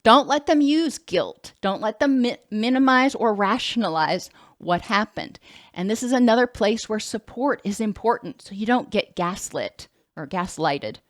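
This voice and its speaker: A woman counselor speaks in a relaxed, conversational lecture style. Her voice sits at an ordinary middle pitch. Now and then she breaks off to correct herself. The recording is close and dry, with no room echo. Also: normal speed. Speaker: licensed counselor.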